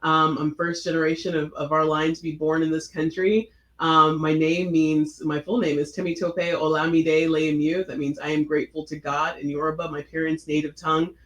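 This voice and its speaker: A woman's voice: low voice, flat delivery, normal speed, echoey room, poor audio. A woman from Florida, a talk show guest, speaking earnestly and reflectively with frequent hesitations. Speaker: guest, attorney.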